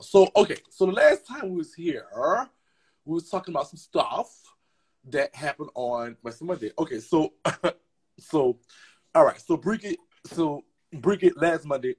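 A man hosting a casual gossip livestream, talking in a sassy, chatty, profane way with a raspy voice. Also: on the high side, expressive, normal speed. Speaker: livestream host.

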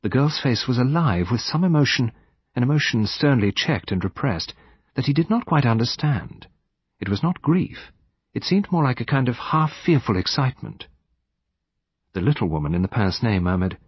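A man narrates an audiobook in a low, husky voice, with an expressive, dramatic reading. His pitch moves a lot, and the recording sounds dry and dull, as if lo-fi. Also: fairly quick, no echo.

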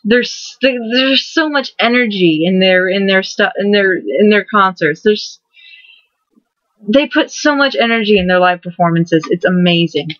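A woman's voice: medium pitch, measured pace, no room sound. Rambling young woman vlogger, lo-fi. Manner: rambling, repeats and restarts words, excitable. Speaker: vlogger host. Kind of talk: casual vlog monologue. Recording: dull lo-fi dry recording.

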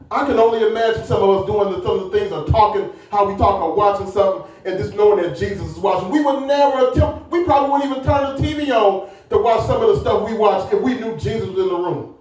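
A man's voice: high-pitched, darkish tone. A man preaching a sermon as pastor, emphatic and full of exclamations. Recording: very echoey room, far from mic.

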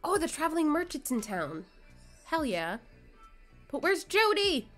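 Chatty young woman streamer, lively pitch. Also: unhurried. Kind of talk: casual gameplay chat. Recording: faint game music behind.

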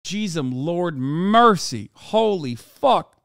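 A man's voice: high voice, expressive, takes it slowly, creaky, fairly bright tone, no echo, clean studio sound. A man streaming live and reacting with profane, incredulous, joking commentary. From United States.

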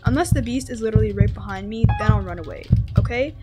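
A woman giving casual, very talkative gameplay commentary, turning excitable and repeating words when the game gets tense. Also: on the high side, fast. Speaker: gaming video host. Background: game background music.

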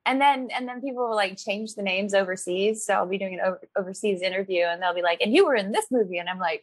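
Brief: woman guest, chatty and animated, quick laughs, dry close sound. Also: medium pitch, no room sound. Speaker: actress guest. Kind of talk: casual interview chat.

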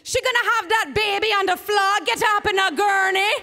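A woman voicing a brisk, bossy woman nurse with a Caribbean accent, barking clipped orders in a reverberant live theater hall. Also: very high-pitched, fairly even intonation, sharp tone, pitched above the performer's own voice, heavily acted. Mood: urgent.

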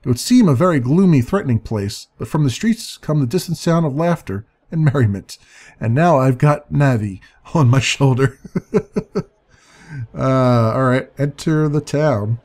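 A man's voice: mid-range voice, animated, a little slow, darkish tone. Man reading a text game aloud. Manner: musing, hesitant, chuckling. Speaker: let's play narrator.

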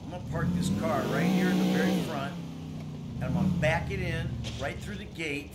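A man's voice: on the high side, fairly quick. A man streaming a video game live, talking to himself in an exasperated way and swearing as he plays. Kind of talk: live gameplay commentary. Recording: loud game sound behind voice. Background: loud game noise and car sounds.

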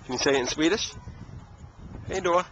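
A man's voice: fairly high pitch, normal speed, dull audio. A man teaching a casual language lesson outdoors at a playground, asking patient, coaxing questions. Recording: noisy outdoor camera audio.

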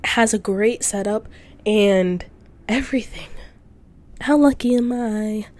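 A woman's voice: mid-range voice, takes it slowly, darkish tone. A young woman hosting a casual solo podcast while sick and congested, rambling with lots of fillers and self-deprecating asides in a small indoor room. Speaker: podcast host.

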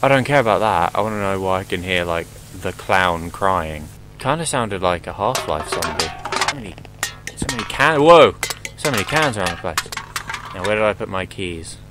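A man's voice: low voice, expressive, moderate pace, music in the background, poor audio. Jumpy joking man playing a horror game. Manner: joking, swearing, jumpy exclamations. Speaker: gameplay commentator. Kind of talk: horror game let's play commentary.

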